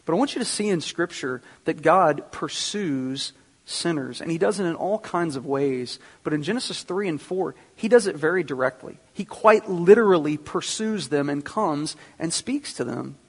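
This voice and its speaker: Husky-voiced man preaching in a hall. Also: a little high, animated, moderate pace. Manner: earnest teaching, addresses congregation directly. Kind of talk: sermon. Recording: long reverb of a hall.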